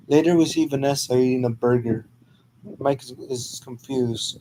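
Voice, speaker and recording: A man narrating a fan story in a quick, casual, unpolished reading style that has stumbles and restarts. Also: mid-range voice, fairly even intonation, warm tone, a little hiss or hum, rough recording.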